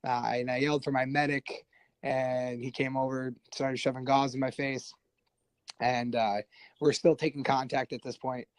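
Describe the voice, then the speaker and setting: A man guest on a podcast telling a war story casually, animated and profane, acting out what others said. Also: mid-range voice, moderate pace, smooth, dry recording, rough recording. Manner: animated, profane, acts out quoted voices.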